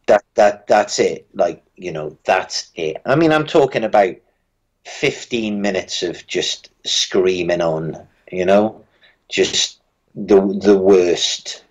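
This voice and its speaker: A British musician guest in a casual interview, telling dry, wry anecdotes with frequent restarts. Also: male voice, low-pitched, slow pace, rough recording. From Britain.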